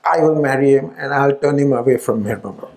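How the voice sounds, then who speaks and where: A man's voice: medium pitch, quick pace, creaky, darkish tone, a little hiss or hum. A middle-aged man telling a family story at a gathering, acting out the voices of the people in it. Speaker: speaker at a spiritual retreat. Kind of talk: storytelling talk.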